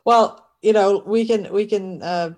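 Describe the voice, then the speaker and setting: A woman's voice: medium pitch, unhurried, a little mellow. A woman interviewer in casual conversation, chatty and friendly, laughing easily.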